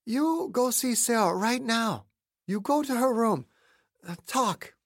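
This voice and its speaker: Man putting on a high soft woman's voice, slow halting phrases, childlike scientist, dry audiobook read. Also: expressive, dry recording, full character voice. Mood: coaxing.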